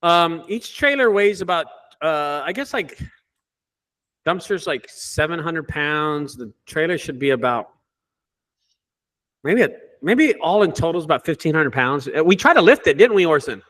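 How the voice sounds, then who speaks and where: High-voiced, profane storytelling man. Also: animated, normal speed, fairly bright tone. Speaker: junk removal business owner, host. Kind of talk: casual group chat.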